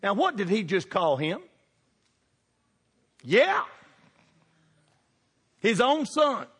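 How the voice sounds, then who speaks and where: A middle-aged man preaching a sermon, animated and throwing questions at the congregation. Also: sits high, extremely slow, breathy edge, long reverb tail. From United States.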